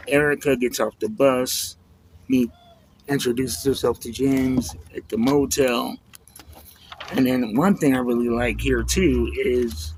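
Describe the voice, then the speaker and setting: A man reviewing a comic book in a relaxed, reflective way, leaning on "you know" as he talks it through. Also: mid-range voice, a little hiss or hum, poor audio. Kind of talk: casual spoken review.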